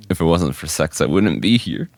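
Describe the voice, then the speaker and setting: Deep-voiced man with a wildly swinging pitch. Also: darkish tone, slight background noise. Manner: laughs a lot, joking and goofy. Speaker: podcast co-host. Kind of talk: casual chat.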